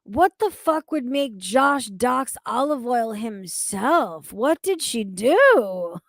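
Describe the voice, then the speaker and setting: A woman's voice: fairly high pitch, very animated, takes it slowly, dry recording, studio quality. A woman streaming live, reading chat comments aloud and reacting in a blunt, profane, exasperated way.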